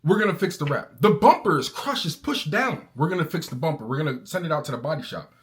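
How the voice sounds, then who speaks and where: A man's voice: a little high, animated, fast talker. A man in a casual vlog, ranting angrily and talking in slang, calling his listener bro. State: angry. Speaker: car owner vlogger.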